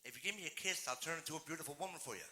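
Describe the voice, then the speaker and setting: A man voicing a talking frog who coaxes a passer-by with soft, quiet words, told as a stand-up joke. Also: fairly high pitch, very fast, long reverb tail, a little hiss or hum. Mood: coaxing. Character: talking frog promising to become a woman.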